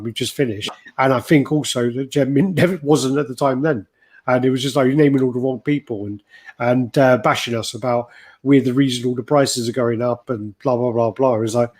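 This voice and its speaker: A man's voice: mid-range voice, darkish tone, husky. A man co-hosting a casual live chat, rambling and swearing as he reads out viewer comments. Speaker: livestream co-host.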